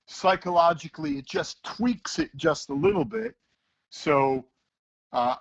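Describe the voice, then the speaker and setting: Man, teacher, lively storytelling, gravelly, lo-fi call audio. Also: mid-range voice. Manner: animated storyteller who acts out voices. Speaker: teacher, interview guest. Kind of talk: casual interview talk.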